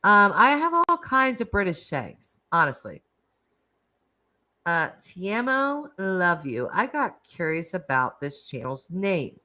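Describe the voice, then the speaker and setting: A woman's voice: on the low side, very animated, slow, bright, forceful tone. A woman hosting a casual live stream, chatting and laughing as she reacts to viewer comments. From United States. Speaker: livestream host.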